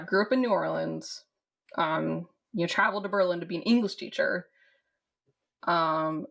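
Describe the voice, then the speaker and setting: A woman co-hosting a podcast, her voice low with a lot of vocal fry. She chats casually and rambles, with plenty of fillers and restarts. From southern United States. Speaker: podcast co-host. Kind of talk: casual chat about a film.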